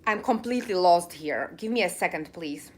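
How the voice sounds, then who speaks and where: A woman's voice: on the low side, animated, normal speed, husky. Heated woman host ranting on a livestream. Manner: emotional, ranting, speaks with an accent she calls funky. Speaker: livestream host reading viewer chat. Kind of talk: heated live-stream chat.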